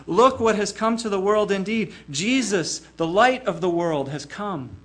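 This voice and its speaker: A man's voice: high voice, a bit bright. An older man preaching a sermon in an earnest way, often repeating a small word as he starts a phrase.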